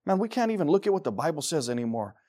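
A male pastor with a high voice preaches emphatically in church, racing along with big pitch swings. His sermon moves between loud declarations and low, quiet asides.

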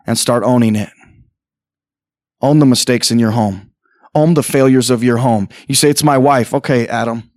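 A middle-aged man preaching an impassioned sermon in church, asking rhetorical questions and acting out dialogue, often rising to near-shouts. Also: mid-range voice, no room sound, studio quality. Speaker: pastor. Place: church sanctuary.

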